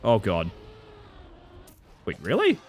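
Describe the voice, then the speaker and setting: Playful man with a lively, swooping voice. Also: takes it slowly, slightly rough. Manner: playful, reads chat aloud and jokes, swings between excited yelps and low mutters. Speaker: live streamer. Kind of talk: casual live-stream chat while gaming.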